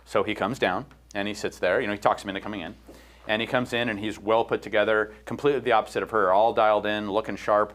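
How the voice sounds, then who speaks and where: A man's voice: lowish voice, fairly even intonation, fast talker, a bit bright. A middle-aged man hosting a casual podcast chat, retelling a counseling story with quoted lines and frequent fillers. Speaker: host.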